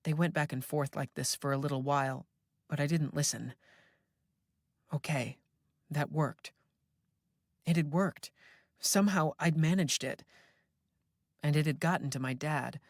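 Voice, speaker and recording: An unhurried, reflective storyteller reading a first-person ghost story. Each line is delivered slowly and with care, in a mid-pitched voice. The studio sound is dry and close, with no room around it. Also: fairly even intonation, no room sound. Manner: measured, reflective. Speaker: audiobook narrator. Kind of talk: first-person horror audiobook narration.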